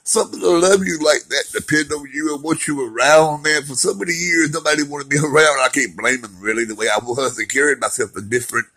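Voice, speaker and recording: Man, husky, middle-aged, rambling, heartfelt, slangy personal monologue. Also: a little high, fairly quick, few pauses, sharp tone, rough recording. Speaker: vlogger sharing recovery story.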